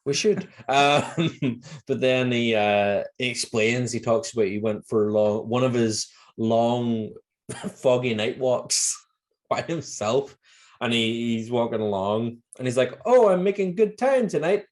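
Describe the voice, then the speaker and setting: Northern irish guy chatting on a podcast, laughs a lot, does silly high voices. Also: steady tone, takes it slowly. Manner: laughs often, acts out lines in high voices. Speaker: podcast co-host. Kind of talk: casual chat.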